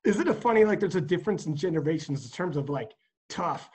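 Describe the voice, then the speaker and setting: A man with a New Jersey accent hosting a podcast, talking in an animated, profane way and acting out quotes. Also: on the high side, fairly quick. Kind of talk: casual chat.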